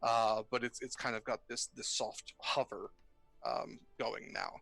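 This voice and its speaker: Bright-voiced man running a tabletop game. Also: medium pitch, level tone, a little slow, vocal fry, faint music behind. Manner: rambling, hesitant, lots of fillers. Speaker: game master.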